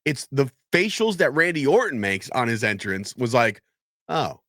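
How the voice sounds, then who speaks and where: Brief: lively, bright-voiced man, podcast co-host, dry close mic, cusses a lot. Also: medium pitch, moderate pace, no echo. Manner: animated, swears freely, acts out quotes. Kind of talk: casual wrestling chat. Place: podcast studio.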